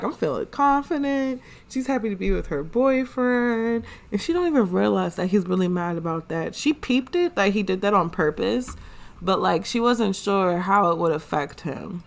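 A woman, giving slangy, chatty commentary as she plays a life-sim game. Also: mid-range voice. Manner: chatty, slangy, narrates characters' thoughts. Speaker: gaming channel host. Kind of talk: casual let's play commentary.

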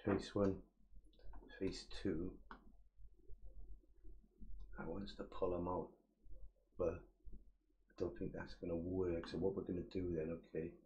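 Low-voiced man muttering software steps. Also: flat delivery, takes it slowly, pauses often, muffled recording. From England. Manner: mutters steps to himself, swears casually, slangy. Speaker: 3D modelling streamer. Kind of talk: casual live-stream tutorial, chatting with viewers.

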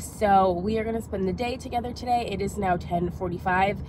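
A woman's voice: medium pitch, a little fast, darkish tone, slight background noise. A young woman with a stuffy, congested voice, chatting casually and upbeat to camera in a lifestyle vlog, full of fillers. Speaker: lifestyle vlogger.

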